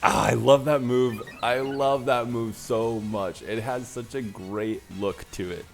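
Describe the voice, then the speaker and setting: A man's voice: medium pitch, steady tone, takes it slowly, vocal fry, music in the background. A man commentating his gameplay in a playful, joking way. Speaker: let's play host.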